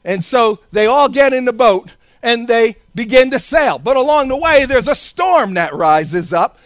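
A man's voice: extremely high pitch, animated, unhurried, no echo. A man preaching a sermon in a sing-song cadence, acting out the voices in the story he tells.

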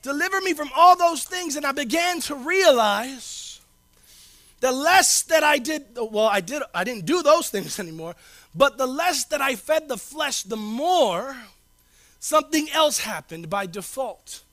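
A man with a strikingly high, bright voice preaches a sermon as a pastor, talking in a casual, slangy way. He hammers his points home by repeating phrases, swinging from loud declarations to low, quiet asides. The recording is dry and close. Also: expressive, measured pace, no echo. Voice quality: informal slangy delivery.

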